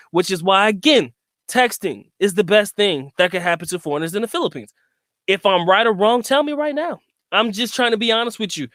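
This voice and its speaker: A man's voice: sits high, a bit bright, no echo, studio quality. A man from the South, giving a rambling, casual monologue to his viewers with frequent asides. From Southern United States. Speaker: vlogger.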